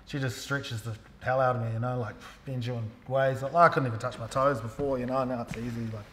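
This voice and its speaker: A man with a New Zealand accent, a gym coach talking casually and explaining technique in a relaxed, slangy way. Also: mid-range voice, brisk, a little hiss or hum. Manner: relaxed, slangy, lots of fillers. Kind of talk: casual interview and technique instruction. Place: gym hall. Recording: echoey gym hall.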